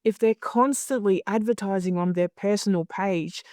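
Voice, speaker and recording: A woman's voice: mid-range voice, normal speed, few pauses, warm tone, no room sound, studio quality. A middle-aged woman in a candid interview, who talks bluntly, swears freely and acts out other people's lines. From Australia. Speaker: hypnosis conference director.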